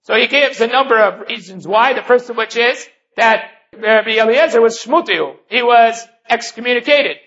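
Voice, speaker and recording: A man's voice: very high voice, moderate pace, sharp tone. A man giving a daily Talmud lesson, explaining each point step by step and weaving in Hebrew and Aramaic terms. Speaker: Talmud teacher. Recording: dull lo-fi recording.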